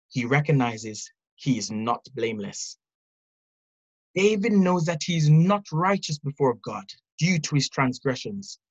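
A speaker giving an earnest, measured devotional Bible teaching, reading scripture and reflecting on it. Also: medium pitch, dull audio. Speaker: preacher.

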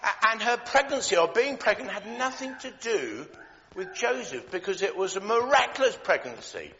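A man giving a playful, jokey Christmas talk to children in a church hall, with many filler pauses. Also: high voice, very animated, bright, forceful tone, a little hiss or hum. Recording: echoey hall, dull lo-fi sound.

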